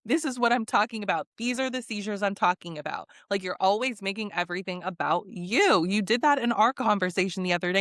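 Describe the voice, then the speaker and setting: A woman with a medium-pitched, clear, resonant voice hosts a podcast, casually recapping reality TV and animatedly acting out other people's lines with swearing and bursts of laughter. The studio-quality audio has no room sound.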